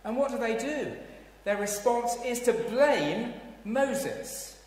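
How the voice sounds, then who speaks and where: A man preaching a sermon, swinging between hushed tones and loud dramatic exclamations. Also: extremely high pitch, lively intonation, takes it slowly. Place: church. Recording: echoey hall, heard from a distance.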